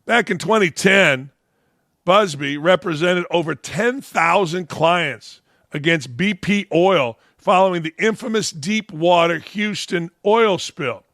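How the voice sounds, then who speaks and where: A man's voice: high voice, slow, a bit bright, no echo, studio quality. A man hosting a sports talk show, giving brash, mocking, opinionated commentary.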